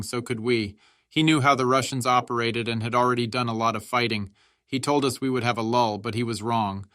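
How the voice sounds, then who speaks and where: Bright, dry male audiobook narrator. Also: mid-range voice, dry recording.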